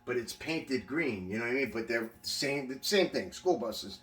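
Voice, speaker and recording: Speaking at a normal pace in a mid-range, fairly bright voice, this man sounds animated as he casually rambles about doing time in prison. He swears liberally and keeps restarting his sentences, and the echoey room and distant mic place him well away from the recorder.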